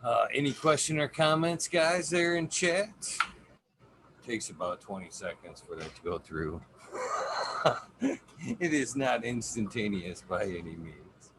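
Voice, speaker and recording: A man's voice: mid-range voice, lively intonation, a little slow, pauses often. A man hosting a casual stream, easygoing, asking his guest questions and swearing now and then. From Michigan. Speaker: podcast host. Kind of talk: casual livestream chat. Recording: clear background noise.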